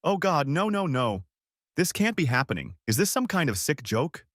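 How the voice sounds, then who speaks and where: A man's voice: fairly high pitch, big pitch swings, moderate pace, a bit bright, no echo, clean studio sound, pitched above the performer's own voice. A man voicing a pleading cheating wife. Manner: pleading, breathless denials. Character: panicked cheating wife, adult woman, pleading.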